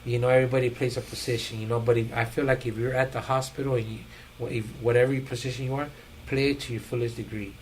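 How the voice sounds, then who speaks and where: A man's voice: mid-range voice, little pitch movement, fast talker, darkish tone, a little hiss or hum, rough recording. A man hosting a podcast, telling stories in slangy, profane casual chat. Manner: slangy, profane storytelling with laughs. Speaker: podcast host.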